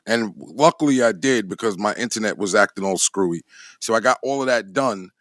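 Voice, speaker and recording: A man's voice: lowish voice, expressive, brisk, a bit bright, no room sound, clean studio sound. A man co-hosting a casual podcast chat, talking in a laid-back way and often checking "you know what I'm saying" over a remote call.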